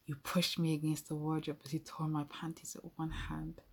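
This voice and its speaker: Husky low-voiced woman narrating. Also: completely flat delivery, moderate pace. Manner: intimate, playful, addresses the listener directly. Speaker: storyteller. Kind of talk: first-person audio role-play narration.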